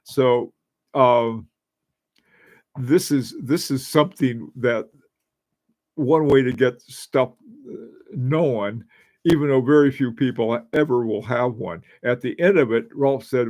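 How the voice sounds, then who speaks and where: A man's voice: mid-range voice, a little slow, pauses often, darkish tone, no room sound. Chatty older man, dry close sound. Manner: chatty, rambling, laughs often. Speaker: livestream host. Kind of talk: casual livestream chat reading viewer comments.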